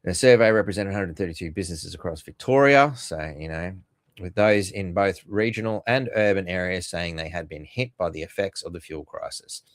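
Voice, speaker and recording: Aussie bloke ranting on his podcast, low voice, dry close mic, swears a lot. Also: a little fast, no echo. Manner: rambling, profane, sarcastic, with frequent fillers. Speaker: podcast host. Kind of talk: casual commentary.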